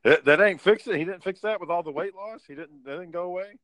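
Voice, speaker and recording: A man's voice: high voice, fast talker, a bit bright, dry recording. A man hosting a podcast, chatting in an easygoing, laid-back way. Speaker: podcast host. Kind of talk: casual chat.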